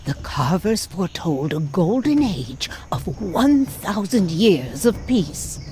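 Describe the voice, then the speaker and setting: A woman's voice: on the low side, very animated, takes it slowly, warm tone, slight background noise. A woman voicing an ancient talking stone head in a video game, grave and prophetic with a matter-of-fact turn. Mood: solemn.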